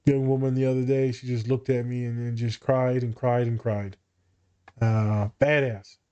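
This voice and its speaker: A man's voice: medium pitch, little pitch movement, normal speed, dark tone, smooth, highs cut off. Male therapist-host, casual and blunt, salty language. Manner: blunt and profane, tells client stories. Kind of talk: casual podcast chat.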